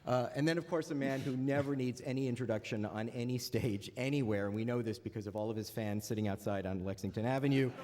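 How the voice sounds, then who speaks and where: In a large lecture hall with a reverberant sound, a man moderates a panel before an audience, opening with dry jokes and plenty of hesitant "uh"s. His medium-pitched, darkish voice moves quickly with few pauses and fairly even intonation, carrying a little hiss or hum. He sounds wry, dropping joking asides between filler-heavy, hesitant lines.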